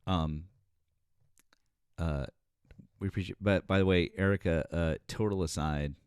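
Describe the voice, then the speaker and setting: A man with a very low voice hosts a casual live stream, chatting with guests and callers. He talks haltingly, full of fillers and restarts. The sound is dry and close. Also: steady tone, clean tone, no echo.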